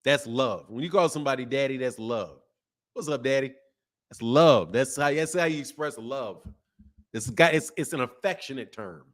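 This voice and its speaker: A man hosting a boxing channel, chatting casually and reading viewer comments aloud, animated and emphatic with slangy talk and frequent laughs. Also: medium pitch, normal speed.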